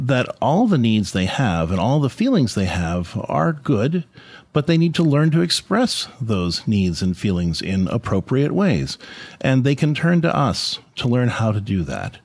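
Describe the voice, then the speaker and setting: A man's voice: mid-range voice, a little mellow, no room sound. A man hosting a podcast, giving an earnest, conversational reflection on faith and parenting with frequent restarts. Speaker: podcast host and parenting speaker.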